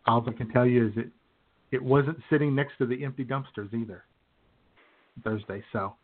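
A man's voice: mid-range voice, moderate pace, a little hiss or hum. A man hosting a podcast, rambling through stories in casual chat and laughing at them. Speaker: podcast host. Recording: tinny phone-like audio.

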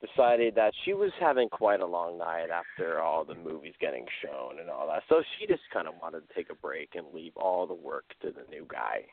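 Male podcast storyteller, low lively voice, rambling and self-correcting, tinny phone-like sound. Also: moderate pace, few pauses. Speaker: podcast co-host telling a story. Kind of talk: casual spooky storytelling.

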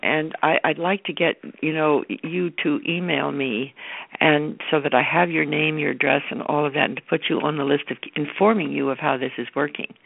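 Gravelly fervent woman on a phone line. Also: low-pitched, steady tone, normal speed, no room sound. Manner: emphatic, fervent, laughs often. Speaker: guest speaker. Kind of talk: enthusiastic spiritual talk.

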